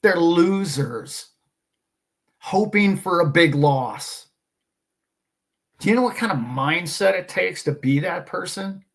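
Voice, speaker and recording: A man with a slightly high voice holds forth on his own show. He talks in an emphatic, preachy way, scoffing at doubters between his points. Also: lively intonation, slow pace, gravelly, pauses often. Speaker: host. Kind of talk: casual monologue.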